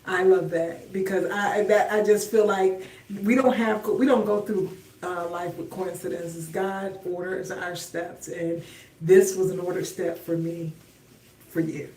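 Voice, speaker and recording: A woman's voice: on the low side, steady tone, a little slow, darkish tone, far from the mic. A middle-aged woman hosting a casual livestream while she styles her hair. She talks chattily and directly to her viewers, with some talk about her faith. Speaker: livestream host. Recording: roomy echo, voice off-mic.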